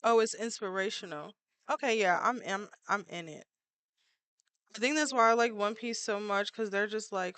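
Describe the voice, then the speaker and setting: During a drawing livestream, a woman banters casually and playfully with viewers, using many filler words. Her voice is medium-pitched, a bit bright, and smooth, at a moderate pace.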